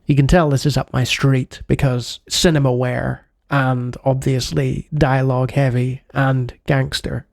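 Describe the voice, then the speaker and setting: Gravelly man joking through a retro game. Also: medium pitch, moderate pace, darkish tone, no echo. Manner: playful, jokey asides. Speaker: retro game channel host. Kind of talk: let's-play commentary.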